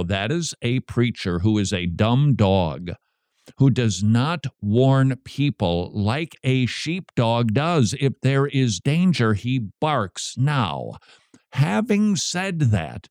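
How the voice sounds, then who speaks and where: A man hosting a radio show, commenting on a recorded sermon in a slow, emphatic way with wry humor. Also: medium pitch, big pitch swings, no room sound, clean studio sound.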